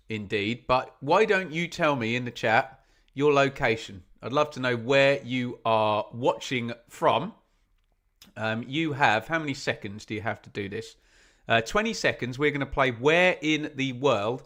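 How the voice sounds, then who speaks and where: A man's voice: medium pitch, a bit bright. Chatty man hosting a live football stream. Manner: chatty, self-deprecating, reads out chat messages. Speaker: football fan watch-along host. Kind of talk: live stream chat with viewers.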